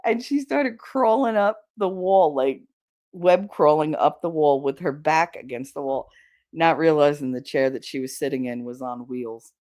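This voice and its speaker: A woman's voice: low voice, moderate pace, darkish tone. A woman hosting a casual livestream, chatting with her viewers, laughing often and swearing casually. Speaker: livestream host.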